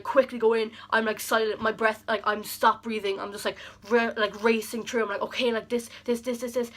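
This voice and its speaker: A young woman with a bright, clear voice talking straight to camera in a long, rambling birthday message to her best friend. She tumbles through fillers and stories, tender and openly emotional. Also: fairly high pitch. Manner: rambling and affectionate, heavy use of "like"; emotional, near tears at times. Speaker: vlogger. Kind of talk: heartfelt personal birthday message.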